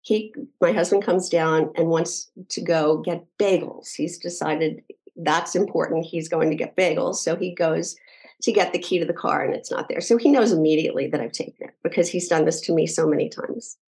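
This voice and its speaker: A middle-aged woman speaks as an interview guest, her voice sitting on the low side for a woman. She retells events earnestly and in detail, often restarting her sentences as she goes. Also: moderate pace, darkish tone, rough recording. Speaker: podcast guest. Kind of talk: personal storytelling interview.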